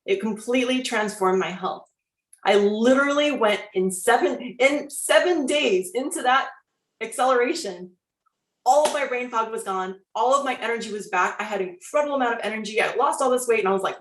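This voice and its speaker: Woman, forties, personal testimony, animated storytelling, echoey room. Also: a little high, fast talker. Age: 40s. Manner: animated storytelling, acts out her own past voice. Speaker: wellness coach sharing her story.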